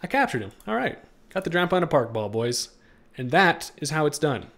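A man's voice: fairly high pitch, big pitch swings, brisk, fairly bright tone. A young man giving playful let's-play commentary on a game, joking with the creatures he tries to catch. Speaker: gaming streamer.

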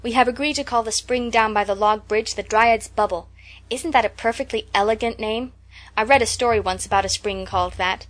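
A woman's voice: fairly high pitch, fairly quick, fairly bright tone, close to an everyday voice. Woman narrator doing an eager, romantic young girl; gushing chatter, storybook audiobook. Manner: gushing, breathless enthusiasm.

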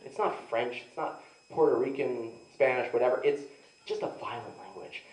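A man's voice: mid-range voice, lively intonation, a little fast, a little mellow. A young man doing rambling, self-mocking stand-up storytelling, filled with "like" and asides to the audience. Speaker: stand-up comedian. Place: live comedy venue. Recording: echoey room, mic heard from a distance.

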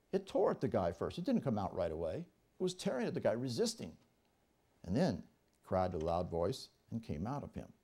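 A pastor teaching from the pulpit, his pitch rising and falling freely as he drives each point home. His voice is mellow and warm rather than bright, and he reads scripture aloud before unpacking it with emphatic explanation. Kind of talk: teaching sermon. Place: church service.

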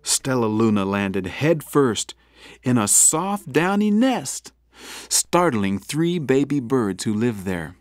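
A man narrating a children's storybook in an expressive, gently dramatic way. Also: mid-range voice, slow. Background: background music.

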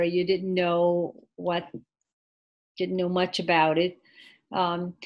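A woman teaching an online English class, speaking patiently, repeating words and adding short Mandarin glosses. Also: mid-range voice. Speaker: ESL teacher. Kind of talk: online class lesson with screen sharing.

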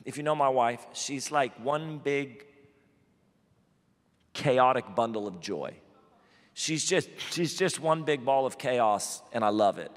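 Male pastor, mid-pitched, lively comic sermon storyteller, long church hall reverb. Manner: animated, self-deprecating storyteller with quick asides. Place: church auditorium.

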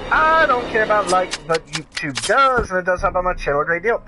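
A man's voice: high-pitched, big pitch swings, brisk, few pauses, music in the background, low-quality recording. A man streaming a game live, chatting casually, greeting viewers by name and reading their messages aloud.

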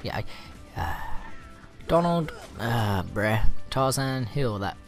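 A man's voice: mid-range voice, very animated, takes it slowly. A young man casually commentating his gameplay, rambling and swearing, easily riled. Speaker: let's play gamer. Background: game music.

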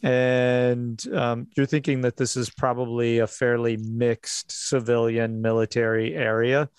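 A man narrating as game master for a tabletop role-playing game, pausing and restarting often. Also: mid-range voice, level tone, smooth, dry recording. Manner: hesitant, many restarts.

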